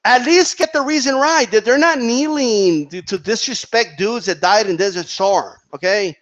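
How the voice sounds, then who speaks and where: Heated high-voiced man ranting on a lo-fi mic. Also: normal speed, fairly bright tone. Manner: heated, repetitive, peppers with "right?" and "okay?". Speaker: boxing commentary channel host. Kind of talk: opinionated commentary monologue.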